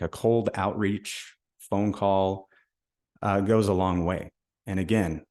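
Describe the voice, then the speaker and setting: Low-voiced male podcast host, casual sales coaching, acts out call scripts. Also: darkish tone. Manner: conversational, acts out sales calls.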